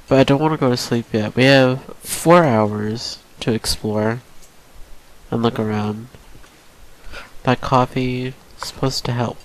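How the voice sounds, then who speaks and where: This gaming channel host has a medium-pitched voice with vocal fry. Worn out and drained late at night, the young man offers casual let's-play commentary on a survival game, mumbling to himself with sighs and nervous laughs.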